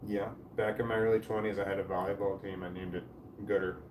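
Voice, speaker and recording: A deep-voiced man in his forties talks fast with a flat delivery while reading chat on his home livestream. He rambles, drifts off mid-sentence and swears casually. The recording is roomy and distant, with faint background noise.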